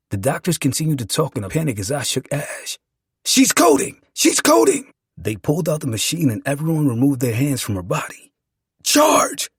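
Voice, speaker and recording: A man reads a dramatic first-person story, emotional and profane. His voice is husky and raspy and moves widely in pitch. It sits dry and close to the mic. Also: no echo. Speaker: narrator.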